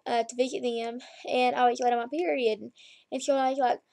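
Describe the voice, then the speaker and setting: A young woman in her twenties tells a long story in a loose, rambling way to her laptop camera while lying down at home. Her voice sits a bit high for a woman. The sound is close and dry, with no room echo. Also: steady tone, brisk, creaky, a little mellow. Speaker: vlogger. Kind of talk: casual chat to camera. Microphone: laptop webcam.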